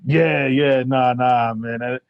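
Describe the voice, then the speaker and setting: A man's voice: mid-range voice, fairly even intonation, takes it slowly. Laid-back male host, dull lo-fi sound. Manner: laid-back, peppers talk with "man" and "nah". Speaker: podcast host. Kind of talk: casual chat.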